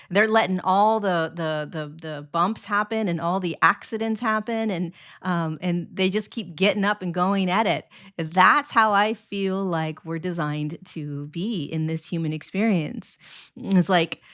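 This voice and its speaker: A woman talking as a podcast guest, animated and casual, acting out quoted voices, laughing often, with many restarts. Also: lowish voice. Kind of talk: casual interview talk.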